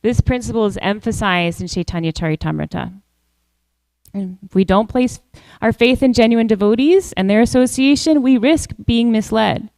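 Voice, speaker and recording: Woman giving a slow devotional class. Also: on the high side, creaky, a little mellow, no room sound, rough recording. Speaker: class speaker.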